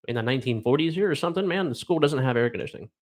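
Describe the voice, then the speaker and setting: A middle-aged man from Ohio hosts a casual live stream and reads odd news aloud. He rambles and trails off, with plenty of fillers and wry asides. His voice sits at an ordinary pitch. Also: lively intonation, fast. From Ohio, USA.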